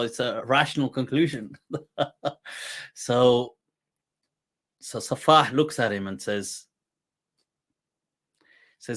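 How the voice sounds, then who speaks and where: A male host telling a humorous historical anecdote in a relaxed, chatty way, often laughing as he goes. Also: medium pitch. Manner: laughing while retelling a humorous anecdote, quoting poetry; slow, unhurried delivery. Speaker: host and religious teacher. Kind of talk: casual storytelling talk.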